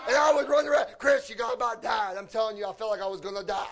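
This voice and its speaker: A man preaching a fervent sermon, often shouting and lapsing into a sing-song cadence. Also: high-pitched, quick pace, some chatter behind.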